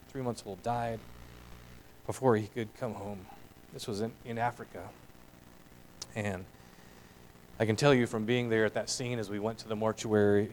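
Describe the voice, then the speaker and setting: Middle-aged guy preaching, earnest, gets loud then soft, mid pitch, faint hum behind. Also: rough recording. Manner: earnest, swelling emphasis then quiet reflective passages. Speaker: pastor. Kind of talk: sermon.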